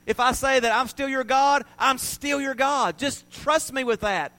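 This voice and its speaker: A man with a fairly high voice voicing Jesus as a calm, reassuring teacher, in slow, steady phrases.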